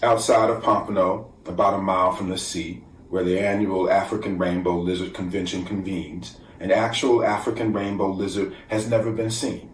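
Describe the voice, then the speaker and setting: A man reading his own poetry at a measured, deliberate pace, sometimes sinking to a near whisper. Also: low voice, flat delivery. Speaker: poet. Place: room at home, virtual festival. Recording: echoey room, distant from mic, faint background noise.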